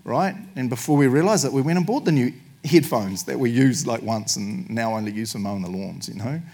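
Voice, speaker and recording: Brief: New man, pastor mid-sermon, mid-pitched, jokey and animated. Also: a little fast. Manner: jokey, animated, laughs often.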